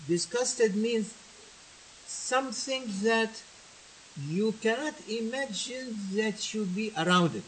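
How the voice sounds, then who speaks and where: A man gives a sermon, switching between languages as he teaches. He repeats his points and asks his listeners questions. His voice sits a little high, and a faint hiss runs under the recording. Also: slow, a bit bright, poor audio. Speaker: religious teacher. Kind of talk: sermon with translation.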